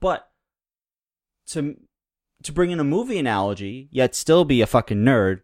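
A man co-hosting a podcast in casual chat, speaking in a hesitant, measured way and correcting himself as he goes. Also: mid-range voice, big pitch swings, a little mellow, no echo, studio quality. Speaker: podcast co-host.

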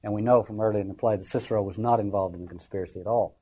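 A literature lecturer gives an informal talk on a play, speaking wryly and conversationally and acting out the quotations. His voice is lowish, steady, dark and husky, and he speaks rapid-fire. The recording quality is low.

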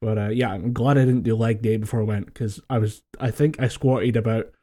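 A man's voice: lowish voice, steady tone, fairly quick, warm tone. A Scottish man co-hosting a podcast, chatting casually, laughing a lot and swearing freely as he tells stories over a voice call. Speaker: podcast co-host. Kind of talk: casual chat. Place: home, recorded over a voice call.

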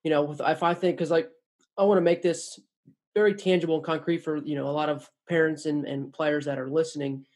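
Guy hosting a podcast, kinda husky, rambles his question with lots of you know and like. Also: fairly high pitch, steady tone, a little fast, darkish tone. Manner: rambling, many fillers and restarts. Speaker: podcast host. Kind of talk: casual interview question.

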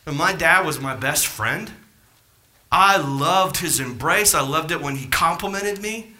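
An impassioned male preacher with a high, bright, cutting voice that leaps and dips all over his range. He peppers the congregation with rhetorical questions, swelling to near-shouts before falling back to quiet asides. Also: lively intonation, unhurried. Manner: impassioned, rising to near-shouts then dropping low. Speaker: pastor. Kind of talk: sermon.

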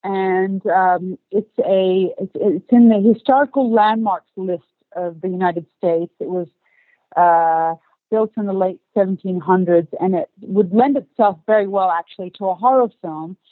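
A woman from Australia with a light Australian accent tinged with British, chatting as an actress and producer in an interview, laughing often and filling pauses with ums. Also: mid-range voice, dry recording. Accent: light Australian mixed with British. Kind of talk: casual interview chat. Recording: dry phone-like line.

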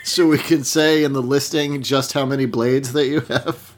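A man's voice: mid-range voice, fairly even intonation, moderate pace. A man co-hosting a casual podcast, needling his partner with dry, teasing questions. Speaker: podcast co-host.

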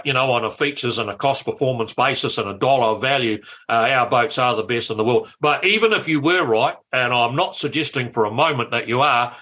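A man putting on a boastful navy admiral who talks like a salesman. He makes a pushy, confident pitch for his own side. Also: sharp tone.

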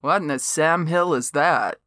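A woman's voice: sits low, measured pace, a bit bright, dry recording, studio quality. A woman reading the part of a wry, folksy small-town man in an audiobook.

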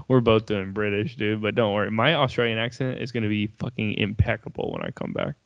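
A man's voice: fairly low pitch, big pitch swings, normal speed, creaky, no echo, dull audio. A young man in casual chat, laid-back and swearing, laughing easily.

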